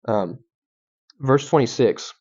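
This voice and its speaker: A young adult man teaches through a Bible passage as a guest speaker, talking it over casually with plenty of ums and self-corrections. His voice sits at a medium pitch, and the recording is somewhat dull and lo-fi. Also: slow, darkish tone, husky. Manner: conversational, frequent ums and restarts. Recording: dull lo-fi sound.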